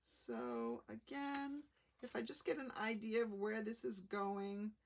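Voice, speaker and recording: Woman with a bit of gravel in her voice, chatty and easygoing, walking through a craft project live. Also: mid-range voice, lively intonation. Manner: chatty, unhurried, talks through each step. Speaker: craft demonstrator. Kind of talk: live card-making demonstration.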